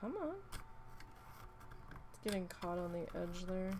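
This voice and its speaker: A woman's voice: on the low side, expressive, a little slow, noisy background. A woman, chatting casually and rambling through a story while she crafts, swearing freely. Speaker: craft vlogger.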